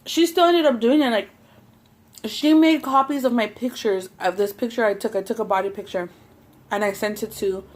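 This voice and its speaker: A woman vlogger telling a long personal story while eating on camera, rambling and swearing, with lots of "like". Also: mid-range voice. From Southern California. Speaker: mukbang vlogger.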